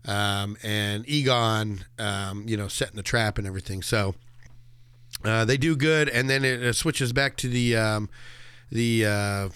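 A man's voice: on the low side, unhurried, fairly bright tone, clean tone, no echo. A man co-hosting a movie podcast, chatting casually and animatedly, laughing and acting out quotes. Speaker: podcast co-host.

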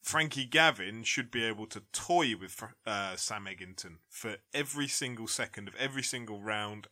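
Brash boxing pundit, bright, punchy delivery. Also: male voice, lowish voice, normal speed. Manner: blunt, animated ranting with frequent "like". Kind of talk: casual podcast debate.

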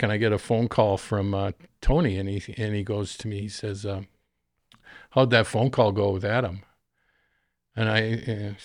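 A middle-aged man, a guest in a studio interview, telling stories with lots of laughter and acted-out quotes. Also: lowish voice. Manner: animated storyteller, laughs often, acts out quoted voices. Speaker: guest, golf caddie. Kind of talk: storytelling in a casual interview.

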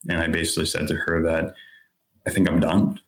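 A man in his thirties with a deep, low-pitched voice, sharing his own story as a guest on a podcast. He talks in an earnest, candid, conversational way, peppered with casual fillers. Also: little pitch movement, brisk. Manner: earnest, candid, lots of "like" and "you know".

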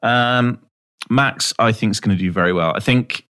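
A man co-hosts a relaxed podcast chat in a fairly low voice. He speaks agreeably and often stumbles and restarts before getting his point out. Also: normal speed, smooth. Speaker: podcast co-host. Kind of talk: casual chat.

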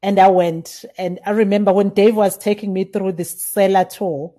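A middle-aged woman from South Africa talks through her career in a relaxed interview. Her voice is mellow and warm, and she brightens into animated retellings of old conversations. The pitch sits in a comfortable middle range. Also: normal speed. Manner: animated, acts out remembered dialogue with laughs. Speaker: winemaker, guest. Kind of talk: casual interview storytelling.

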